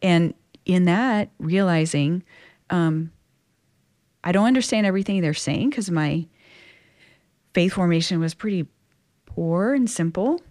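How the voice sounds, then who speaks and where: A woman from Louisiana talks as an interview guest, recounting her own story. Her voice sits a little low for a woman. She is chatty and expressive, peppering her sentences with casual fillers. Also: a little slow, long pauses. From Louisiana, USA. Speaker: guest, Catholic religious sister. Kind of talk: personal storytelling in conversation.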